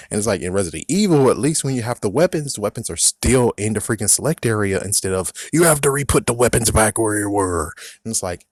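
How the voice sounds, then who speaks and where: A man's voice: medium pitch, lively intonation, a little fast, darkish tone, dry recording, studio quality. A young man in a profane, angry rant reviewing a video game, mocking its designers in put-on voices. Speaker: gaming vlogger.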